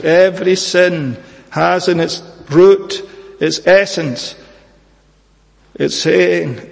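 A man preaching a sermon in a church, earnest and measured, pleading with his hearers and pausing often on "eh". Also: high voice, vocal fry, long reverb tail.

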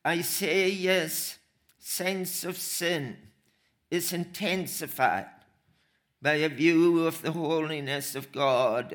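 Guy preaching slow, kinda higher voice, leans hard on repeated words. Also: fairly bright tone. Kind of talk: sermon.

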